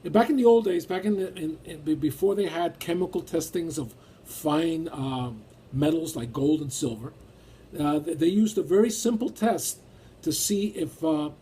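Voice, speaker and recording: A man preaching with a fairly high, husky voice. He reads scripture and explains it with emphasis, pausing often, and his voice climbs when he presses a point. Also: warm tone. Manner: emphatic, rises when acting out feelings. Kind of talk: sermon.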